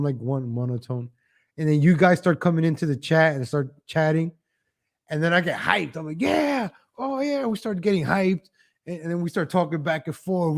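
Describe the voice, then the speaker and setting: A man hosting a casual morning livestream, chatting loosely and thanking viewers in the chat. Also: fairly high pitch. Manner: rambling, warm toward chat viewers, frequent restarts. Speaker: host.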